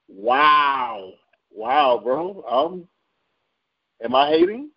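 A man's voice: mid-range voice, animated, moderate pace, long pauses. A man hosting a casual radio-style chart rundown, joking and slangy with frequent laughs. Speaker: radio show host. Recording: dull lo-fi sound.

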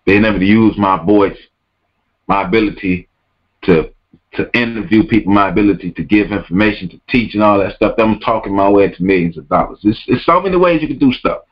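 A man's voice: fairly low pitch, fairly quick, muffled recording. A man hosting a podcast, ranting emphatically and repeating his words and phrases. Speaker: podcast host. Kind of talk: podcast rant.

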